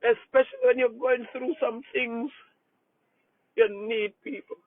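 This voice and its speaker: A woman pastor, crying as she talks, gives a halting, emotional update to her congregation from a moving car, repeating herself and asking for prayer. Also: a little high, little pitch movement, dry recording. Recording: tinny phone-like, dry sound.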